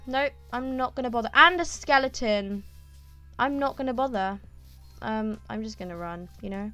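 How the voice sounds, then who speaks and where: A woman talking through her gameplay in a loose, chatty way, full of ums and sudden excited exclamations. Her voice sits a little high, and faint music plays underneath. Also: normal speed. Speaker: gaming YouTuber. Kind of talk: casual gameplay commentary.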